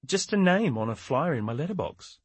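A man's voice: a little high, big pitch swings, a little fast, breathy edge, no echo, pitched above the performer's own voice. A man voicing a tired, defensive older woman who sticks firmly to her story. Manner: tired, evasive, growing more confident.

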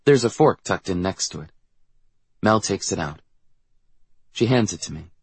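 A man narrating a first-person novel in a quiet, measured way. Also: low-pitched, expressive, breathy edge, no room sound. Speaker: audiobook narrator.

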